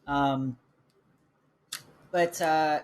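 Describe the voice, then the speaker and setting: Man, high voice, casual game chat, blunt and laid-back, faint background noise. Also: fairly even intonation, very slow. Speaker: podcast co-host.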